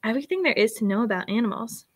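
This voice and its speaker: A woman's voice: fairly high pitch, lively intonation, rapid-fire. A woman voicing a literal-minded young boy who loves animals and speaks bluntly, reading a storybook aloud. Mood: matter-of-fact. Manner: blunt, matter-of-fact.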